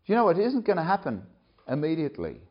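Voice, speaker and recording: A man preaching a sermon, telling a story with animated enthusiasm and bursts of laughter. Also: on the high side, quick pace, dull audio. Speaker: preacher, camp director.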